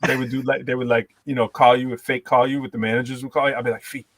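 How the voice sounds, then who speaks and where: A man hosting a casual chat, telling lively stories, laughing often and acting out voices. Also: medium pitch, quick pace, dry recording, poor audio. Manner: animated storyteller, laughs often, acts out voices. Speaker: host.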